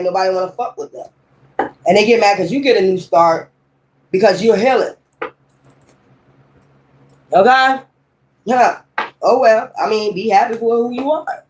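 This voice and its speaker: A woman's voice: medium pitch, slight background noise. A woman in her fifties giving a tarot reading, talking in a blunt, heated and profane way. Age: 50s. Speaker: tarot reader. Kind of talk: tarot reading with ranting commentary.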